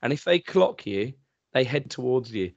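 A man's voice: sing-song, normal speed, creaky, darkish tone, dry recording. Sweary man telling stories. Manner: sweary storyteller, mimics others in high voices. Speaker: podcast co-host. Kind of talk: casual chat. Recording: dry muffled podcast mic.

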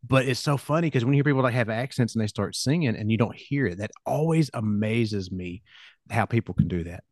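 A middle-aged man with a country Southern accent, hosting a podcast and telling relaxed, rambling stories. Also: mid-range voice, brisk, no room sound, studio quality. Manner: relaxed, rambling anecdotes with fillers. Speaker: podcast host. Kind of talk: casual podcast chat.

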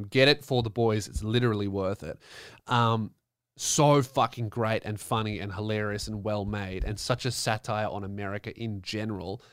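A man's voice: medium pitch, a bit bright, clear, resonant tone, dry recording, studio quality. A young man hosting a solo podcast, rambling in a profane, mock-indignant way. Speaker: podcast host. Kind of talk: casual solo podcast rant.

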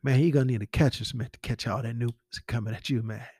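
A man's voice: mid-range voice, fairly even intonation, quick pace, a little mellow, husky, no echo, pitched below the performer's own voice, lightly acted. A man doing a brief impression of a laid-back grown man from a film, with a drawled, slangy delivery. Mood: teasing.

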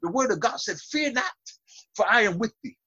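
A man's voice: high voice, fast, sharp tone, lo-fi sound, slight background noise. A man preaching a fervent sermon over a video call, building to call-and-response. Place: small room.

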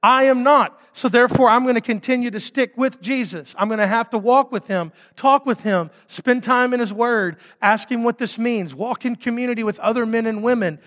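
A man preaching a sermon as pastor, casual and conversational with quick asides. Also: very high voice, a bit bright, in a large hall.

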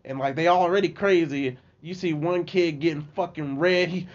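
A young man with a high voice tells a story in casual slang on a podcast, animated and quick to break into laughter. His voice jumps way up when he quotes himself. The audio is dull and lo-fi. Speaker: podcast guest.

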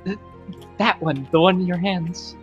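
A woman's voice: on the low side, unhurried, breathy edge, soft background music. A woman playing a polite, hesitant adventurer who stumbles over her words. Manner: hesitant, polite, full of ums. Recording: dull lo-fi sound.

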